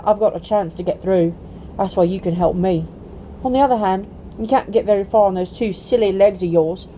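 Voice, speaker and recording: A woman's voice: mid-range voice, mellow, a little hiss or hum, close to an everyday voice, rough recording. A woman voicing a proud, scornful male talking war horse in a storybook read-aloud, with bossy, clipped speech.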